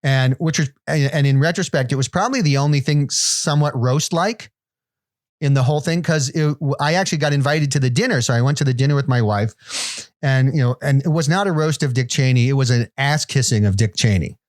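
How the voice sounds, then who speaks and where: A man in his fifties telling long anecdotes and mocking himself as he goes. His voice is mid-pitched and dry, with little room sound. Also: fairly quick, no room sound. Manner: rambling self-deprecating anecdotes with restarts. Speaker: podcast co-host. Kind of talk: casual chat, storytelling.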